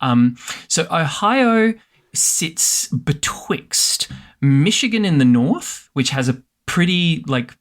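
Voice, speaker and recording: A man's voice: fairly high pitch, sing-song, slow pace. An Australian man from Perth co-hosting a casual podcast, wry and joking as he thinks aloud. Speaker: podcast co-host.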